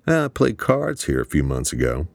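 A brash, swaggering gambler brother, voiced by a man in an audiobook. The voice is very deep and gravelly, crude and excitable, and it is recorded close and dry. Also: normal speed, dry recording, full character voice. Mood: boastful. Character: brash, boastful grown man, a party-loving gambler brother.

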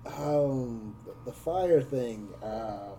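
A woman's voice: very deep voice, lively intonation, extremely slow, heavy background noise. A woman playing in a tabletop role-play, hesitant and full of fillers. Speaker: player.

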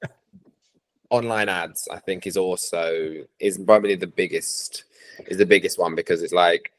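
A man's voice: low voice, fairly even intonation, moderate pace, no echo. A man as a podcast guest, easygoing and laughing often in casual chat.

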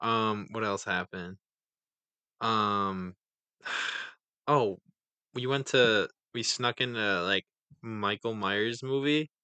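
A young man as a podcast guest in casual chat, laid-back and quick to laugh. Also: on the low side, sharp tone, smooth, no echo. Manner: laid-back, laughs often, short replies.

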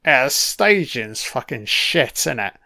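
A man's voice: medium pitch, sing-song, measured pace, bright, forceful tone, no room sound, studio quality. A man giving casual, sweary film commentary, sardonic and mocking.

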